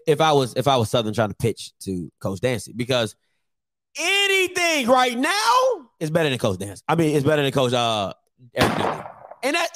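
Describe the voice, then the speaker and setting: A man hosting opinionated sports commentary, blunt, joking and repetitive in an animated way. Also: extremely high pitch, background noise.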